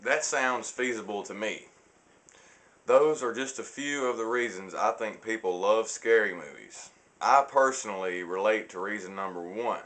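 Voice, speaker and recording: A man's voice: fairly low pitch, fairly bright tone. Man giving a class speech. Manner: formal, slightly halting delivery with restarts. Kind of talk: prepared persuasive speech.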